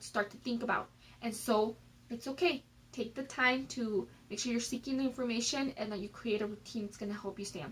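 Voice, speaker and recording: Woman, vlogger, slightly breathy voice, fairly high, candid, chatty, lots of fillers, phone recording. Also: poor audio. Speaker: personal development vlogger. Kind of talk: casual advice vlog.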